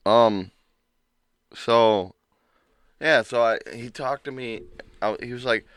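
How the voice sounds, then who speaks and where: A man co-hosting a casual podcast, telling a workplace story with lots of swearing and acting out a coworker's yelling. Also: mid-range voice, slow pace, clear, resonant tone, no room sound. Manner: swears freely. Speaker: podcast co-host.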